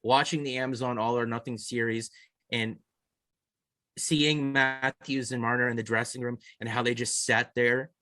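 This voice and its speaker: Bright-voiced man rambling about hockey. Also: mid-range voice, little pitch movement, moderate pace, dry recording, studio quality. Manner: rambling, repeats and restarts, earnest. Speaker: podcast co-host. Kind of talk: casual sports chat.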